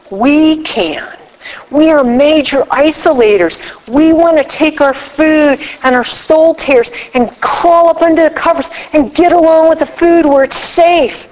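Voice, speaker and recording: A middle-aged woman leads a recovery workshop, talking to a room of attendees. She tells her story with animation and acts out each voice in her conversations. Her voice sits a little high and carries a long reverb from the hall. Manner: animated storyteller acting out dialogue. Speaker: workshop speaker.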